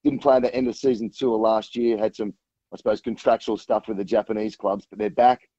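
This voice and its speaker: A lower-voiced man chats about rugby on a sports radio show, circling his points with plenty of restarts and fillers. His voice comes through a dull, muffled line that sounds very dry. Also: fairly even intonation, brisk, mellow, no echo. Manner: rambling, many restarts and fillers. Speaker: rugby guest on the phone. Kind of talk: casual radio chat.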